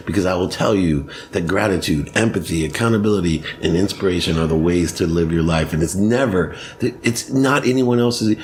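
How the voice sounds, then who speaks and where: Low-voiced male guest with a lively, laughing storytelling manner, faint background noise. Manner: energetic, laughs often, fast storytelling. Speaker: podcast guest, sports marketing CEO. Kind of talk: animated storytelling.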